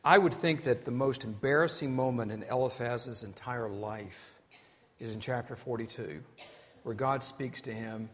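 A man's voice: medium pitch, moderate pace, a bit bright, slight background noise. Thoughtful man questioning in an echoing hall. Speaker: co-teacher. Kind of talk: Bible study dialogue. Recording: long hall reverb.

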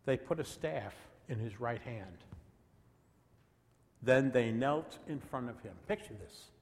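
Man, pastor, sermon, dramatic reading, hushed moments, unhurried delivery, echoing hall. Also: medium pitch, lively intonation. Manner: dramatic reading with dips to a hush. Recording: long reverb of a large hall.

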